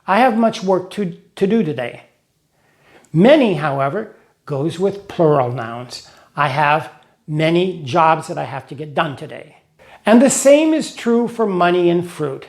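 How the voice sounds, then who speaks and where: High-voiced man teaching grammar. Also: animated, gravelly. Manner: explains slowly with examples and rhymes. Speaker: English teacher for Russian speakers. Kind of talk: scripted lesson narration.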